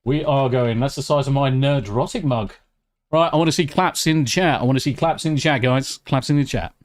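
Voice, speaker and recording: A British man chatting casually on a live stream. He reacts excitably to chat and swears freely. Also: mid-range voice, normal speed, a little hiss or hum. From United Kingdom. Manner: excitable, swears freely, talks while eating.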